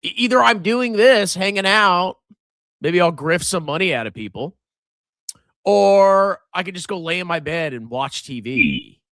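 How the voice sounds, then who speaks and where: A man's voice: high voice, lively intonation, unhurried, fairly bright tone, no echo, studio quality. A middle-aged man hosting a finance livestream, chatting casually and sarcastically, mocking viewers and putting on silly voices. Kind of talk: casual livestream chat reading superchats.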